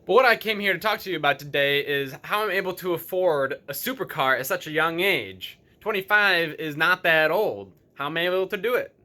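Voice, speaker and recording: A man in his mid-twenties from Metro Detroit, hosting a casual vlog and telling his story to camera in an upbeat, steady way. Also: on the high side, a little fast, few pauses. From Metro Detroit, USA. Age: 20s. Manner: upbeat, energetic greeting, then steady storytelling. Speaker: vlogger.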